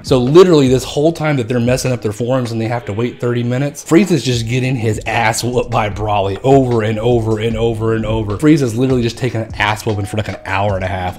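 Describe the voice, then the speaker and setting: A man giving a casual, rambling movie review, retelling the plot with lots of swearing and excited asides. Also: mid-range voice.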